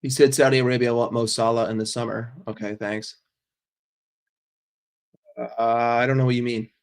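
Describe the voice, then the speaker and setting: A man with a medium-pitched voice hosts a casual livestream. He reads chat messages aloud and responds in a blunt, sarcastic, swearing rant. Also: little pitch movement, normal speed, clean tone. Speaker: livestream host reading chat.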